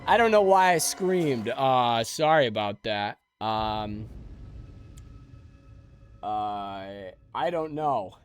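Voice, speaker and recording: A man's voice: mid-range voice, animated, takes it slowly, long pauses, faint music behind. A man streaming a game live, joking and rambling sleepily with his chat.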